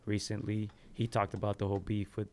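Easygoing low-voiced man, podcast host. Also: completely flat delivery, a little hiss or hum. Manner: easygoing, fills pauses with um, laughs easily. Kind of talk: casual chat.

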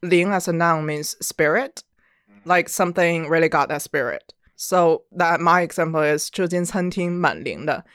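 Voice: medium pitch, normal speed, fairly bright tone, no echo. A co-host of a conversational language lesson who explains patiently and matter-of-factly, often answering with short yeses.

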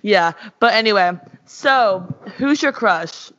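A woman's voice: medium pitch, lively intonation, slow, fairly bright tone. Giggly young woman chatting on a lo-fi podcast. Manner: giggly, rambling, self-interrupting. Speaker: podcast co-host. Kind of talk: casual chat. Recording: dull lo-fi audio.

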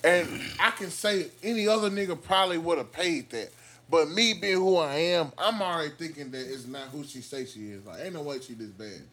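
A young man hosting a podcast, telling a story among friends in a casual, animated way and acting out the voices he quotes. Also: a little high, brisk. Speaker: podcast host.

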